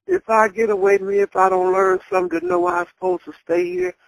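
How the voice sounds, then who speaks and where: A woman's voice: mid-range voice, sing-song, fast, gravelly, no room sound, rough recording. An older grandmother telling her story in a blunt, candid way and chuckling as she talks. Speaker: interviewee. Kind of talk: casual storytelling.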